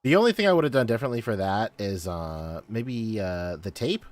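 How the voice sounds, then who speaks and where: A man's voice: lowish voice, animated, normal speed, dry recording. A man co-hosting a podcast in casual chat, laid-back, laughing often and repeating his praise. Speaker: podcast co-host.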